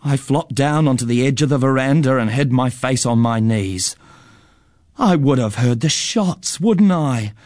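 Storyteller man, measured delivery, mid-pitched voice, very dry close recording. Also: a little mellow, dry recording. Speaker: narrator. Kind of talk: storybook narration.

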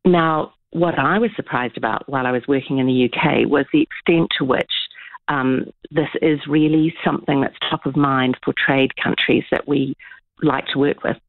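A woman guest on a radio interview, speaking in a measured, earnest way through a tinny, phone-like line. The sound is dry and close, with no room around it. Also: very deep voice, dry recording. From New Zealand. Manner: measured, earnest explaining with frequent ums. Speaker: political scientist guest.

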